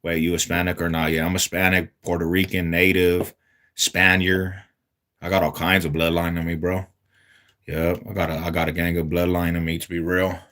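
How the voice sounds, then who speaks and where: Laid-back deep-voiced streamer from Denver. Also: male voice, flat delivery, normal speed, a bit bright. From Denver, Colorado. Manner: laid-back slangy talk, reads viewer comments aloud then answers. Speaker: livestreamer answering chat. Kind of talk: casual livestream chat.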